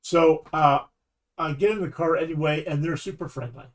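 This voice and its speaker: A man's voice: a little high, moderate pace. A Canadian man streaming a game, telling a long rambling story with false starts and laughs. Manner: rambling, animated anecdote with restarts and laughs. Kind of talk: casual storytelling while gaming.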